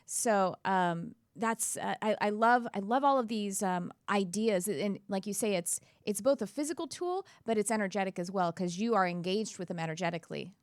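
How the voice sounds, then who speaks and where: Woman podcast host, mid-pitched, earnest and reflective, dry close sound. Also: normal speed, few pauses, no echo. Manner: earnest, reflective, with frequent self-corrections. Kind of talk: casual conversation.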